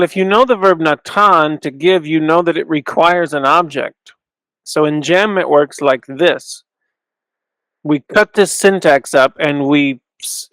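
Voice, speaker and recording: A man giving an informal teaching talk, thinking aloud with restarts and slowing down to stress key terms, at times chanting short lines of Hebrew. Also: mid-range voice, gravelly, smooth, no room sound, low-quality recording. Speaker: Bible scholar teaching. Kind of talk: informal lecture with Hebrew recitation.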